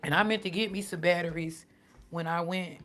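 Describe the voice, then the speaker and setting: A woman's voice: fairly low pitch, steady tone, fairly quick, a bit bright. A woman chatting casually on her live stream, laughing often and answering her chat.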